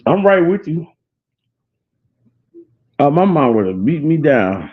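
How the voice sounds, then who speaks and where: A man's voice: on the high side, big pitch swings, slow pace, breathy edge. Man rambling on a tinny phone-like line. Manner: rambling, repeats himself, laughs hard. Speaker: show host. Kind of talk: casual storytelling chat.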